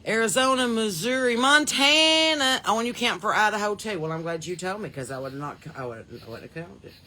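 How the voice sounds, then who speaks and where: A woman's voice: fairly low pitch, animated, fast talker, bright, forceful tone, slight background noise. Chatty Southern woman hosting a livestream. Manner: chatty, folksy, reads out viewers' names and places. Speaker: podcast host. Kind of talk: casual livestream chat greeting viewers.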